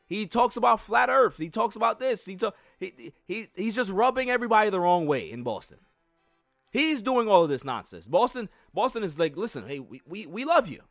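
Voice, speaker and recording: High-voiced man ranting on a sports podcast. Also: no room sound, studio quality. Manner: animated, mocking, laughs while ranting. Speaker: podcast host. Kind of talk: solo sports podcast rant.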